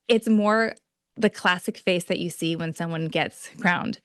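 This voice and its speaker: A woman in her thirties telling an animated story as a guest on a video call, acting out her own reactions and laughing often. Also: fairly low pitch, moderate pace, vocal fry, dry recording, clean studio sound. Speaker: pageant titleholder guest.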